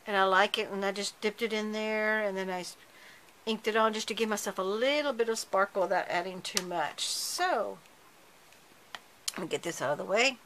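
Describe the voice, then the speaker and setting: A chatty woman talks through a card-making project, breaking off and restarting as her hands stay busy. Her voice is bright and forward. A faint hum of room noise sits behind her. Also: medium pitch, moderate pace, poor audio. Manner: chatty, self-correcting while working with her hands. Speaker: card-making tutorial host. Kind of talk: casual craft tutorial narration.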